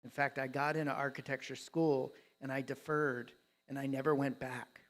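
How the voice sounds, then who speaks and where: A man voicing a young male employee confessing a regret in a subdued, halting way. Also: mid-range voice, little pitch movement, a bit bright, voice pushed down, lightly acted. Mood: ashamed.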